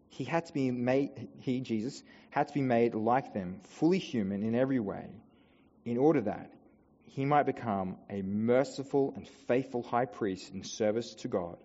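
A man preaching a sermon as a pastor, earnest, building to emphatic peaks and then dropping soft. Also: medium pitch. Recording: dull sound in a long-reverb hall.

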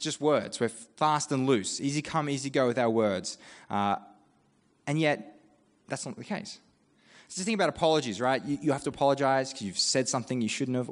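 An Australian man delivers a sermon in an easygoing, animated way, acting out little quoted asides as he goes. His voice sits at an ordinary middle pitch. The sound rings with a long reverb from the church. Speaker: pastor.

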